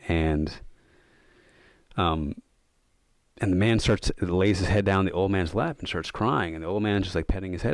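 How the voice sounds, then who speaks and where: A man with a very deep voice, recorded close and dry, talks through his ideas as a podcast guest. He tells stories in a loose, thoughtful way, often saying "like" and "um". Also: moderate pace, pauses often, no room sound. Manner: thoughtful, many fillers of "like" and "um". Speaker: podcast guest, yoga and meditation coach. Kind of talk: casual reflective storytelling.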